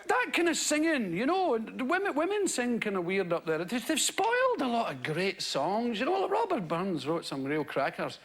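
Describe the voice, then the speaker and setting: Scottish comic on stage, wildly animated voice. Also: male voice, very high voice, moderate pace, hardly any pauses. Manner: rambling, mocking, lively storytelling. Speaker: stand-up comedian. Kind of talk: stand-up comedy routine. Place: theatre stage before a live audience. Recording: loud noisy live stand-up recording with audience laughter.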